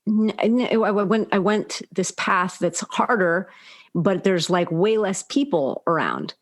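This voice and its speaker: A woman co-hosting a podcast, telling lively, profane stories in casual chat. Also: medium pitch, unhurried. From Southern California. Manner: animated storytelling with profanity. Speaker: podcast co-host.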